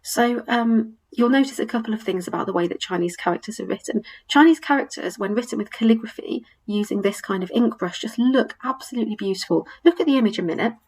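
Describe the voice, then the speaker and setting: A woman teacher giving a recorded webinar lesson over slides, upbeat and encouraging, slowly modelling sounds for learners. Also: a little high, a little mellow, husky, low-quality recording. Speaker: language teacher.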